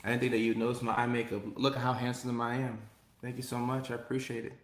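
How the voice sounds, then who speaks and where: Man, live stream host, upbeat, chatty, reads comments aloud, mid-pitched voice, echoey room. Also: monotone, fast talker. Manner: upbeat, repeats phrases, reads chat aloud. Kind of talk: casual live stream chat, reading comments.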